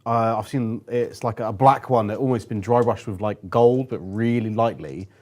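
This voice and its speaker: A man's voice: fairly low pitch, normal speed, a little mellow. A man co-hosting a gaming livestream, laid-back, swearing freely and filling with "like". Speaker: co-host reading stream chat. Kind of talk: casual livestream chat.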